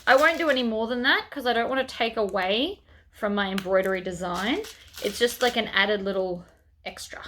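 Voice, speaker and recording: Lady walking you through her sewing project, slightly high voice, bit of background hiss. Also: normal speed, sharp tone. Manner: chatty, talks through each step as she works. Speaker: sewing tutorial host. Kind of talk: casual step-by-step tutorial narration.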